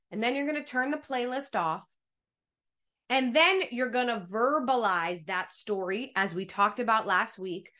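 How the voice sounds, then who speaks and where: Woman, speaking coach, online workshop, encouraging, slightly high voice, video call. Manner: energetic, encouraging, speaks straight to listeners.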